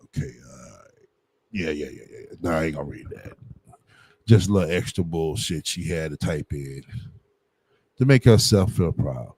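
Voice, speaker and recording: A man's voice: rumbling low, animated, normal speed, long pauses, darkish tone, breathy edge, dry recording. A man giving blunt, profane livestream commentary, heavy on slang and fillers. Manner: blunt, combative, heavy on slang and "you know what I'm saying".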